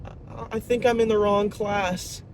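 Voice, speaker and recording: A panicked, confused teenage boy stammers and pleads, played by a man. The pitch jumps far above the speaker's own voice. Traffic rumbles behind him outdoors. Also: fairly even intonation, a little slow.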